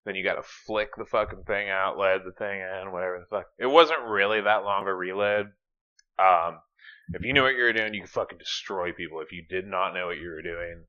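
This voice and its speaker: A man's voice: low-pitched, fairly quick. A man co-hosting a podcast, talking casually with lots of fillers and swearing. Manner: profane, filler-heavy, energetic. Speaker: podcast co-host. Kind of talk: casual chat. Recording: dull lo-fi mic.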